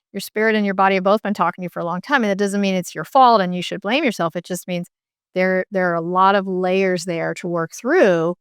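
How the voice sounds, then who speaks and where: Middle-aged woman explaining with a smooth voice. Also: on the low side, no echo, studio quality. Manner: explanatory, many fillers and restarts. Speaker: medical intuitive and author. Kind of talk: interview guest.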